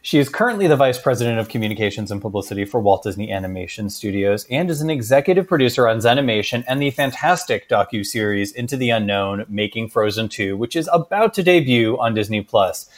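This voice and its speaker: A man from Boston co-hosting a chatty podcast, playful and animated. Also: fairly low pitch, fast, hardly any pauses. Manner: playful, animated, slips into joke voices. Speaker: podcast co-host. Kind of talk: casual chat.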